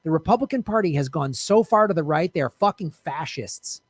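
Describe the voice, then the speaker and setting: A fiery man rants straight to camera in heated political commentary, blunt and profane, driving each point home. His voice sits high for a man, with a breathy edge, lively intonation, and a fairly quick pace. The sound is close and dry with no room sound.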